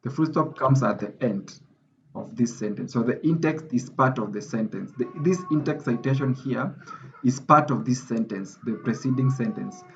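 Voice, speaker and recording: A man's voice: mid-range voice, normal speed, gravelly, a little hiss or hum. A man teaching an online class, emphatic and repeating his points for stress, heard over a video call. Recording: slightly dull video call audio.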